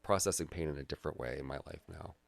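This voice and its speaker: A man's voice: very deep voice, rapid-fire, creaky, dry recording. A man talking as a guest in a casual conversation, reflective and earnest in manner. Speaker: graphic artist and guide, guest.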